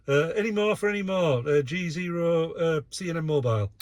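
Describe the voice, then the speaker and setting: A man's voice: a little high, brisk, darkish tone, slight background noise. A man running an amateur radio net from his vehicle, chatting casually and reading out call signs with many filler uhs. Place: in a vehicle, operating mobile.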